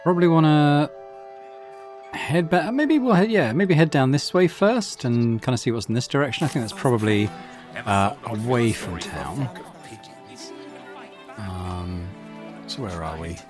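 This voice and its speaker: A man's voice: mid-range voice, expressive, unhurried, long pauses, a little mellow. A man casually commenting on his video game play, musing aloud and reading item descriptions. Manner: laid-back, musing, reads item text aloud. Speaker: gaming channel host. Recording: game audio with faint music.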